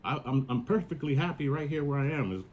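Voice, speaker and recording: A man's voice: on the high side, expressive, fast, a little mellow, muffled recording, a little hiss or hum. A man hosting a podcast, retelling a story in a casual, profane, slangy monologue. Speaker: podcast host.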